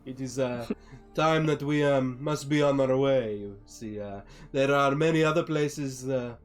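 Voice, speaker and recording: A courteous Vistani caravan traveler, put on by a man, raised in pitch and pushed louder than his own voice. He talks politely and hesitantly, filling gaps with little pauses. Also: faint music behind, close to an everyday voice.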